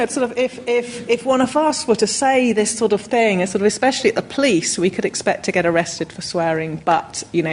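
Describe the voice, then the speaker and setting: A woman on a discussion panel speaks in a fairly low voice, hesitating often with fillers and restarts. A faint background noise runs under her.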